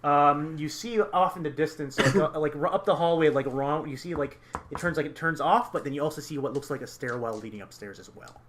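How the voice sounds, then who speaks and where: Halting young man running a tabletop game. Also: on the high side, a bit bright, slight background noise. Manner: halting, many restarts and fillers. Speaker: game master.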